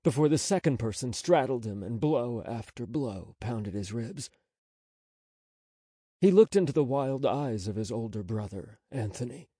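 A man narrating an audiobook in a measured, unhurried storytelling manner on a close studio mic. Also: medium pitch, animated, dark tone, slightly rough, no room sound. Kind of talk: scripted narration.

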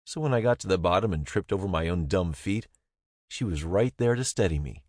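A man's voice: deep voice, expressive, a little fast, darkish tone, dry recording, studio quality. A young man reading a first-person novel aloud in a wry, easygoing way. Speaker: narrator. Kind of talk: first-person audiobook narration.

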